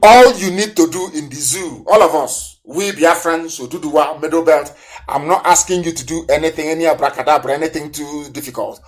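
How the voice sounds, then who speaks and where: A man's voice: a little high, fairly quick. A man from southeastern Nigeria, giving an impassioned, scornful live political broadcast full of rhetorical questions. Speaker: broadcaster and activist leader.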